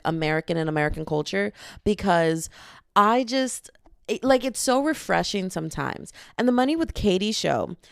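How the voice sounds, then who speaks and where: Speaking into a mic for her solo podcast, a woman in her twenties chats in a rambling, jokey, self-deprecating way. She has a lowish, gravelly yet smooth voice, captured in studio quality without any room sound.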